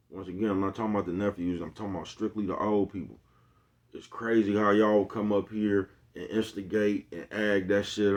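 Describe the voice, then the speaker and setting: A man's voice: fairly low pitch, a little mellow, dull audio. A middle-aged man talking casually to his viewers in street slang, often checking in with his listeners. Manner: laid-back street slang, frequent asides to listeners. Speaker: vlogger.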